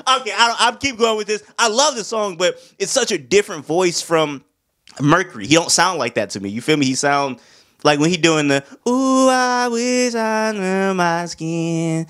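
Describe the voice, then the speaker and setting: A man's voice: on the high side, expressive, brisk, fairly bright tone. A young man giving a casual, slangy album review, laid-back and now and then humming along. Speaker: music reviewer.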